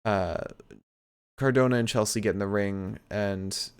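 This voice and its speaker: A man's voice: fairly low pitch, fairly even intonation, a little slow, clean tone. A man co-hosting a podcast, casually recapping wrestling with eager opinions and stammered restarts. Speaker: podcast co-host.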